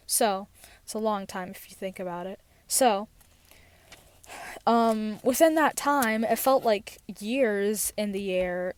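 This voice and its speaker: A woman's voice: mid-range voice, darkish tone, clean tone, dry recording. A teenage girl telling a personal story in a rambling, casual way, with many fillers and restarts, recorded in a parked car. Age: teens. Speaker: podcast host.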